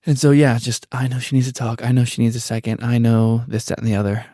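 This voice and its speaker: A man co-hosting a faith-based podcast, speaking reflectively in a halting, casual way with many fillers. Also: mid-range voice, steady tone, dark tone, dry recording, studio quality. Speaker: podcast co-host.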